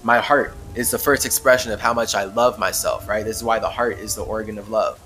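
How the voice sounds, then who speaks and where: Musing on spirituality in a casual monologue, a podcast host rambles emphatically and laughs often. His fairly low voice is pushed and bright with fairly even intonation, moving a little fast over slight background noise.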